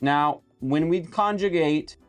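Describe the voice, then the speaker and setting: A man's voice: a little high, slow pace, clear, resonant tone, soft background music. A young man teaching a live Spanish lesson, explaining verb forms step by step while writing on a board. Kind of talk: live-streamed language lesson.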